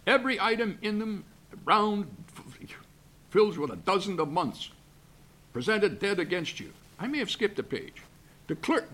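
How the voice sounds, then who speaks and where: A man playing a grumpy curmudgeon who reads a holiday story aloud with gruff asides and chuckles. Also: high voice, sharp tone, exaggerated voice. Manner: gruff asides, chuckling, stumbling over words. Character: grumpy Scrooge-loving male curmudgeon reading a story. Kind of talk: comic reading of a holiday story. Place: backstage at a museum.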